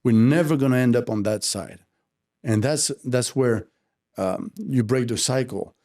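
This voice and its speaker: A podcast host talking reflectively, with frequent pauses and restarts. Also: male voice, mid-range voice, mellow. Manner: reflective, halting, many fillers and restarts. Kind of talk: casual conversation.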